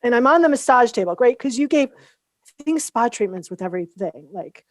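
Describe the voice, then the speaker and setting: A woman guest in a casual interview, telling her story in an animated way and acting out the lines people said to her. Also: fairly high pitch, moderate pace, no room sound. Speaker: guest, founder of a coaching method.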